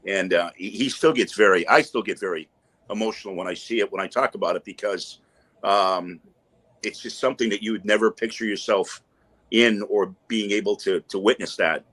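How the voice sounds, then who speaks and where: A man's voice: fairly low pitch, moderate pace, fairly bright tone. Storytelling man, guest on a podcast. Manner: emotional storyteller, tells jokes with acted-out voices. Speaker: guest, entertainer and veteran advocate.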